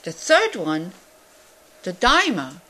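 A woman's voice: on the low side, wildly swooping pitch, slow, sharp tone. Woman teaching a Buddhist class. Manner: conversational, rhetorical questions, many fillers.

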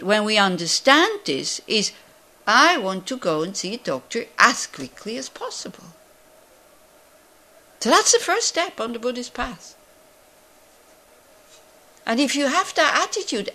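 A woman's voice: a little high, big pitch swings, measured pace, pauses often, sharp tone. Woman teaching a Buddhist class. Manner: conversational, rhetorical questions, many fillers.

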